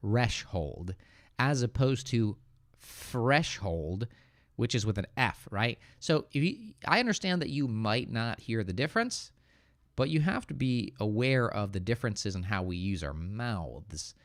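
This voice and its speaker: A man with an American accent teaches English live, his pitch rising and falling a lot as he reads viewers' questions and teases them. The close microphone gives a dry sound with almost no room in it. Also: normal speed, no room sound. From Northeastern United States. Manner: relaxed, joking, reads viewer comments aloud and corrects them. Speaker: English teacher hosting a livestream. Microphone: good studio microphone.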